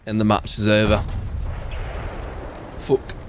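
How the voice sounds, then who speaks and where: Casual sweary American gamer streaming. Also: male voice, on the low side, monotone, slow pace, a little hiss or hum. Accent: General American. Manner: casual, sweary, joking asides to the game. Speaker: gaming streamer. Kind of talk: live gameplay commentary.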